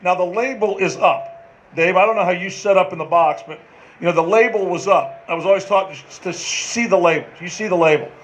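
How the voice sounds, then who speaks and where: A man's voice: sits high, a little fast, a little hiss or hum, rough recording. A man in his sixties, a former ballplayer, telling folksy detailed anecdotes on a panel and turning to others by name. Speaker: former player and manager, panel guest. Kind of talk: storytelling at a live panel.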